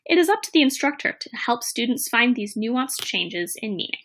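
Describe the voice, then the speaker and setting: A woman presenting a teaching plan in a measured, read-aloud narration. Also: a little high, very animated, fairly bright tone.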